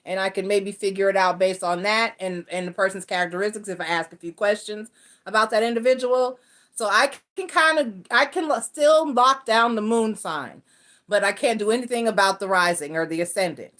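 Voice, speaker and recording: A woman's voice: medium pitch, brisk, a bit bright. Rambling woman reader. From North Carolina. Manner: rambling, restarts and self-corrections, talks to her cat mid-stream. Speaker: tarot and astrology reader. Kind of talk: casual explanatory chat to viewers.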